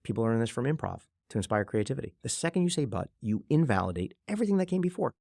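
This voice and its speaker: A man being interviewed on a podcast, telling stories quickly and acting out what people say. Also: medium pitch, vocal fry, no room sound, clean studio sound. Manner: fast, animated storyteller who acts out quotes. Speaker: guest, venture investor.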